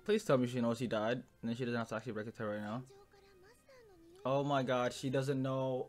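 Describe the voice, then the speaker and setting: A young man reacting to an anime episode in casual commentary, emotional and swearing, swinging from low muttering to loud outbursts. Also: steady tone, a little fast, soft background music.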